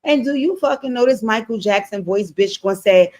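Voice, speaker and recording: A woman giving a casual recap of a TV episode, animated and blunt, swearing freely and talking straight to her viewers. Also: mid-range voice, fairly quick. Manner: animated, blunt and profane, addressing viewers directly. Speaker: TV show recap streamer. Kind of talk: casual show recap commentary.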